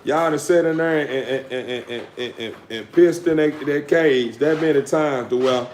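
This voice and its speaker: A man's voice: a little high, moderate pace, darkish tone, slight background noise. A man hosting a casual livestream to his viewers, talking in loose, repetitive street slang with frequent stammers. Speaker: dog-breeding channel host.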